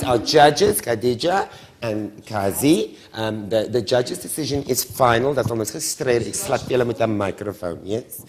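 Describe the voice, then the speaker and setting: Brief: South African man, show host, playful teasing banter, mid-pitched voice. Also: animated, moderate pace. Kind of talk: lively studio show hosting.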